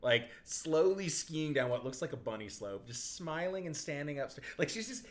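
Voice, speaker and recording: Animated rambling man with lively pitch. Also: normal speed. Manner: animated, rambling, laughs a lot. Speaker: podcast co-host. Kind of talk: casual film discussion.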